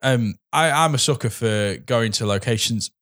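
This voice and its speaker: Man, middle pitch, casual podcast chat, halting then eager. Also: fairly bright tone, no echo, studio quality. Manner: halting, restarts, enthusiastic riffing.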